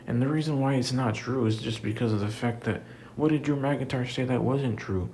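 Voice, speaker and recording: Guy with a low gravelly voice ranting about wrestling, swears a ton, says "like" constantly, faint hiss in the background. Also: a little fast, a little mellow. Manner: heated, repetitive, profane, filler-heavy. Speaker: wrestling commentator. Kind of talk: ranting commentary.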